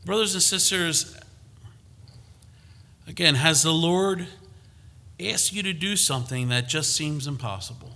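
Man, sermon, bright ringing voice, fairly high, conversational preaching, emphatic peaks. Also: unhurried, pauses often.

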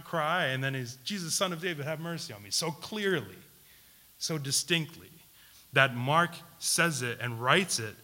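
A man preaching a sermon, putting questions to his listeners and repeating key words for emphasis, swinging between loud and hushed delivery. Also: mid-range voice. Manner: asks the audience questions, emphatic repetition.

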